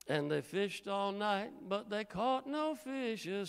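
A man's voice: high-pitched, takes it slowly, vocal fry, hardly any pauses, smooth, long reverb tail. A middle-aged male pastor from Indiana preaching a sermon and telling stories, acting out the voices of the people in them. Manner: animated storytelling, acting out voices. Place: church sanctuary.

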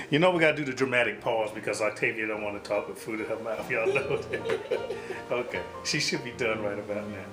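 A man's voice: lowish voice, brisk, echoey room, music in the background, rough recording. A man hosting a casual home cooking show, joking and hyping each step straight to his viewers.

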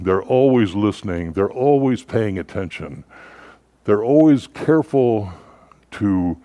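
A male pastor delivers a sermon, telling stories in a relaxed, conversational style peppered with filler words. His voice sits on the low side, and the recording has no room sound.

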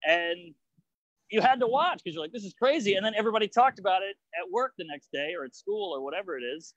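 A man, a comedian guest on a video-call podcast, riffing in a rapid, profane way and mocking people in quoted voices. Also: sits high, expressive, a bit bright, no echo, lo-fi sound. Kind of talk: casual podcast chat.

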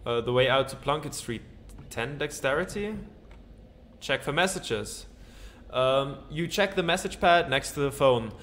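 A gaming channel host plays through a comedy game in a let's-play, reading its narration aloud and joking around with goofy asides. His medium-pitched voice is fairly bright, with lively intonation and a measured pace. A little hiss or hum is audible.

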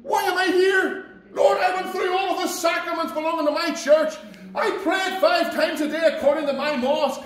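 A man voicing an anguished lost man who cries out from hell, shouting and pleading. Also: extremely high pitch, steady tone, normal speed, heavy reverb, pitched above the performer's own voice.

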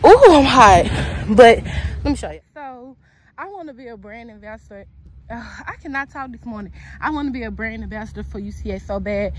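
A young woman, her voice pitched a little high, chatting to her followers as she walks across campus. She talks loose and slangy and keeps calling her viewers y'all. Traffic rumbles clearly behind her, caught on a handheld phone. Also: animated, brisk. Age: young adult. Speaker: college student vlogger. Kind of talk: casual walk-and-talk vlog. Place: outdoors and indoors around a college campus. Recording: outdoor traffic noise behind.

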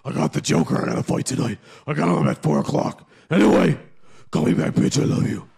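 A man voicing a jealous, hotheaded male caped crusader who leaves ranting, swearing voicemails in a very gravelly growl. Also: a little high, expressive, fairly quick, darkish tone. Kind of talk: comedy voicemail sketch.

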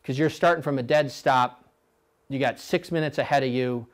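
A middle-aged man coaching coxswains at a clinic, blunt and animated, now and then mimicking rowers in a high voice. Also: normal speed. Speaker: rowing coach.

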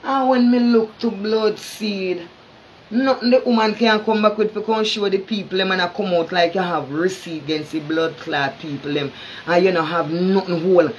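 A man with a Jamaican accent rants angrily on social media, heated and confrontational, cursing constantly and stammering as he trips over repeated words. His voice is high and a little fast, with fairly even intonation, and there's slight background noise.

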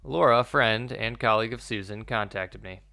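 A man voicing a worried woman in a game, reading her lines in a flat, robotic monotone. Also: lowish voice, moderate pace, creaky. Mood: pleading. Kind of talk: reading game dialogue aloud.

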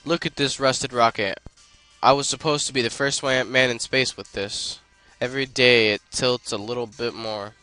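A man's voice: mid-range voice, fairly even intonation, normal speed, bright, forceful tone, clear, resonant tone, no echo, lightly acted, rough recording. A man reading out a bitter, foul-mouthed middle-aged male rocket pilot, swearing and stumbling over his lines while reading. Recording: faint game music behind.

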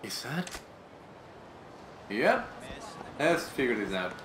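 A man's voice: mid-range voice, big pitch swings, slow pace, noisy background. A man giving offhand, casual commentary as the host of a gameplay video. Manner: offhand and swear-prone. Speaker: let's play host. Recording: roomy echo, faint game music.

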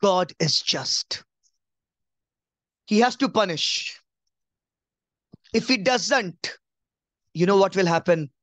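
A man giving a conversational Bible teaching, emphatic, repeating key phrases and dropping to a soft, low voice. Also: expressive, takes it slowly, long pauses, no echo. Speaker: preacher.

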